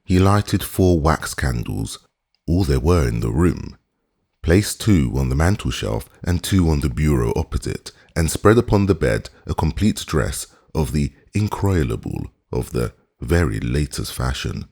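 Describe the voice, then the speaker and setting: A man narrating a classic novel as an audiobook reader, in measured, expressive storytelling. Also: a bass voice.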